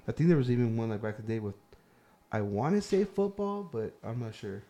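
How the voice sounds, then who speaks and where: A man's voice: medium pitch, sing-song, brisk, mellow. A man co-hosting a podcast, rambling casually with slang and swearing. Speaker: podcast co-host. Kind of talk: casual chat.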